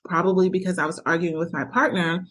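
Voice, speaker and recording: A woman's voice: on the low side, flat delivery, fast, fairly bright tone, slight background noise. A woman hosting a podcast, speaking candidly from her own experience and acting out quoted arguments as she coaches listeners. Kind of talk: personal monologue with advice.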